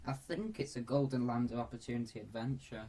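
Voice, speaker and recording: A man co-hosting a casual film review podcast, voice sitting at an ordinary middle pitch. He talks in a relaxed way, hesitating and restarting phrases as he thinks aloud. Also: fairly quick, poor audio. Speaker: podcast co-host.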